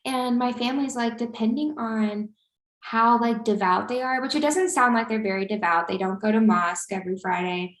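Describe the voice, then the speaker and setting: A fairly high-pitched young woman, co-hosting a podcast, rambles through a story at moderate speed, dropping lots of fillers into the casual chat. The sound is echoey and roomy.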